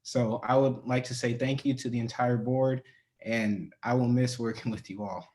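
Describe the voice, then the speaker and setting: A man's voice: mid-range voice, steady tone, moderate pace, darkish tone. A man school board trustee giving earnest, heartfelt farewell remarks on a video call.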